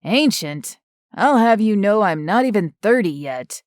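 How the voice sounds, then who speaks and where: A woman's voice: medium pitch, animated, unhurried, no echo, close to an everyday voice. A woman voicing a wry young uncle. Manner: dry, good-humored banter. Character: joking man in his late twenties, wry uncle.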